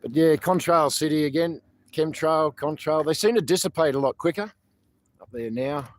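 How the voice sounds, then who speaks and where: Speaking at a moderate pace in a slightly high voice, an Australian man hosts a relaxed livestream from a protest site outdoors. He wanders from topic to topic, swears freely, chats away and laughs often.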